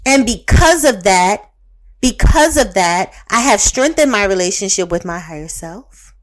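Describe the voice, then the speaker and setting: A woman's voice: medium pitch, animated, a little slow. A woman, giving a candid motivational monologue in a profane, emphatic, repetitive, fired-up way. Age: 30s. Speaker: self-help speaker.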